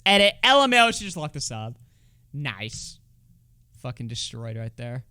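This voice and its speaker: A man's voice: mid-range voice, very animated, a little slow, long pauses, pushed and bright, clean tone, no room sound, studio quality. A man doing casual livestream commentary, swearing freely and sarcastic, reading comments aloud. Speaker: streamer.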